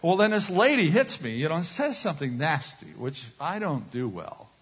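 His husky, fairly high voice moves at a moderate pace as he preaches on stage, animatedly voicing characters in his personal anecdotes. It's a storytelling sermon, captured in a reverberant hall.

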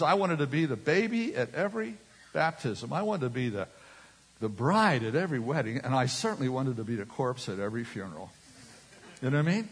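Husky middle-aged preacher guy telling stories, big echoey hall. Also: medium pitch. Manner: animated, acts out voices in anecdotes. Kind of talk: storytelling sermon. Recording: reverberant hall.

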